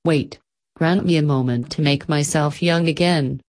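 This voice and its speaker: A woman reading a dying old artist, low and gentle. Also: a little slow. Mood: tender. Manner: heartfelt, gentle farewell. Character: dying old male artist, loving and grateful.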